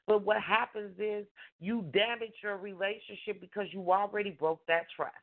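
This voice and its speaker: A woman's voice: mid-range voice, fairly even intonation, moderate pace. A woman life coach hosting a call-in show. She gives relationship advice emphatically, repeats her points and acts out the voices of the couples she describes. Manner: emphatic, repetitive preaching with acted-out mimicry. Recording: tinny phone-line sound.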